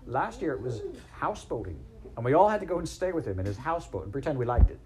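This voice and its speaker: Man reading a cheery, brisk male water rat from a storybook, hearty and welcoming. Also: mid-range voice, sing-song, noisy background, voice pushed up, natural voice. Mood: exasperated.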